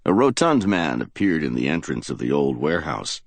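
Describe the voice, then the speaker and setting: A man's voice: extremely low pitch, sing-song, moderate pace, dry recording. A man narrating a hardboiled crime audiobook in a dramatic storytelling manner.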